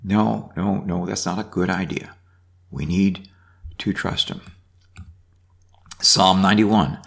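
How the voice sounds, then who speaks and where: A man's voice: low-pitched, fairly even intonation, takes it slowly, creaky, pauses often, a bit bright. A man giving an informal Bible teaching, reading verses aloud and commenting with frequent restarts. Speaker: preacher.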